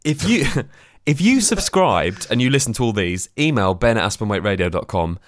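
A man's voice: fairly low pitch, very animated, normal speed. Easygoing male podcast host. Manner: easygoing, joking. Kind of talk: casual podcast chat.

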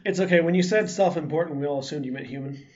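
A man's voice: on the high side, fast talker, a little hiss or hum. A man hosting and playing in a tabletop game, chatting casually and teasing the others in an upbeat way. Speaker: player and show host. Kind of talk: casual chat at a gaming table. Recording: muffled lo-fi.

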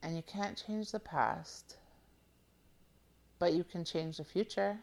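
Woman podcast host, motivational talk, playful and coaxing, low gravelly voice, unhurried. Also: a little mellow. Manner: playful, affectionate, coaxing listeners with repeated check-ins.

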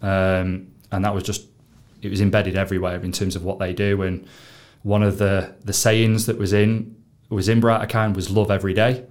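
A man with a slightly low voice talks easily in an interview. He is relaxed and casual, and leans on fillers as he goes. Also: moderate pace. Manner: relaxed, filler-heavy, uses "like" and "sort of" often. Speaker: guest.

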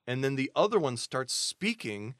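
A man co-hosting a podcast, casually retelling a novel's plot with quick voiced asides. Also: medium pitch, very animated, a bit bright, no room sound, clean studio sound. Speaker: podcast co-host recapping a novel. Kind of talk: casual chat.

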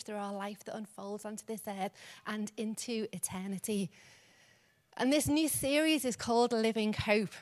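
A woman preaching a church sermon in a conversational way, with laughing asides. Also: mid-range voice. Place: church service.

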